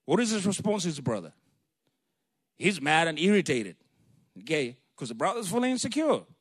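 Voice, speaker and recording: Lively, chatty man teaching the Bible. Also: fairly high pitch, normal speed, husky, dry recording, clean studio sound. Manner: conversational, retells scenes in casual slang voices. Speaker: preacher.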